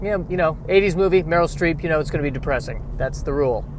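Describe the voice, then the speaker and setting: An American man rambles to his audience from a car, making self-mocking jokes and side remarks. His voice sits fairly high, and a faint road noise runs underneath. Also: fast. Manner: joking, self-mocking digressions. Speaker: vlogger. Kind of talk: rambling casual chat while driving.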